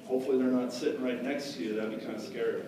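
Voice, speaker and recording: A man's voice: mid-range voice, steady tone, very fast. A man telling a story live to a crowd of kids, chatty and asking them questions. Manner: chatty, asks the audience questions. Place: storytelling festival hall. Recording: echoey hall from far off, noisy.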